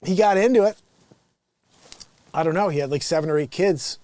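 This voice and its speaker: A man's voice: a little high, normal speed, mellow, dry recording. A man hosting a livestream, chatting casually and jokingly about a Bible reading, laughing often. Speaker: livestream host.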